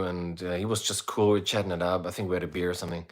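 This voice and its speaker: A man's voice: low voice, little pitch movement, very fast. A middle-aged man who plays in a band, chatting casually on a livestream and telling a long, rambling story with free swearing. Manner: laid-back, rambling, swears freely, reads out viewer comments. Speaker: musician hosting a livestream. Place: indoors, streaming while away on travel.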